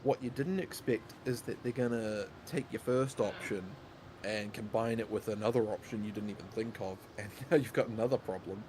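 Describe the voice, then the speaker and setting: A man's voice: on the low side, normal speed. A man in casual chat on a gaming stream, wry and talkative, laughing through his stories. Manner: chatty, wry, laughs while telling stories. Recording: noisy background.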